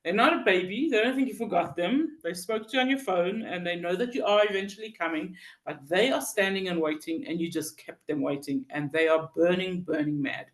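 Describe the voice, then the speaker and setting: Halting teacher in a roomy hall. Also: mid-range voice. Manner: halting, with many fillers and restarts; tells stories and acts out the people in them. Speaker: Torah teacher. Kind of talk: Torah lesson on Psalms. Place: synagogue hall. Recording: roomy echo.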